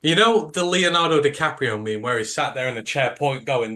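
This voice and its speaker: A man's voice: medium pitch, moderate pace, few pauses, bright, forceful tone. A British man co-hosting a sports podcast, talking in an emphatic, opinionated way, rambling with fillers. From United Kingdom. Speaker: podcast co-host. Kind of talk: casual sports podcast chat.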